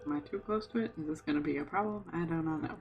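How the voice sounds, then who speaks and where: A man's voice: on the high side, fast, creaky, highs cut off, slight background noise. A man streaming a game, chatting to himself and reading notes aloud. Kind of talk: casual let's-play commentary.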